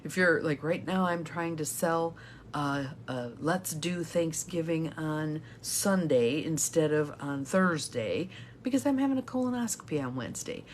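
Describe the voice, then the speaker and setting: Low-voiced older woman coaching. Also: animated, a little slow, slight background noise. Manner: warm-hearted, encouraging, chatty. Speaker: intuitive guidance coach. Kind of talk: casual motivational talk to live viewers.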